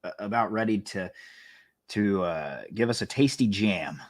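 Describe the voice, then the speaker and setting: A man's voice: lowish voice, lively intonation, unhurried, no echo, clean studio sound. A man co-hosting a casual sports picks chat over a video call, who stumbles and repeats words before settling on each pick. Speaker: co-host giving picks.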